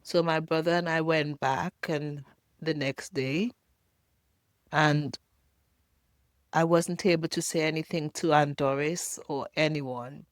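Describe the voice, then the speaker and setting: An older woman from Jamaica telling her own painful childhood story as a halting, emotional personal testimony. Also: sits low, fairly even intonation, no room sound, studio quality. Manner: halting, emotional, pausing often.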